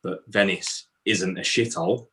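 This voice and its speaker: Deadpan man with a Birmingham accent. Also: deep voice, normal speed. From England. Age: late 20s. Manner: flat, deadpan delivery. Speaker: stand-up comedian. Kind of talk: stand-up set on a video call.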